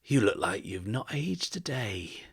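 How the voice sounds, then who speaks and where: A man voicing a sick, drunk old male ex-soldier who talks in a hushed, unfocused way. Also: lowish voice, sing-song, measured pace, creaky, husky, pitched above the performer's own voice, full character voice. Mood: rambling.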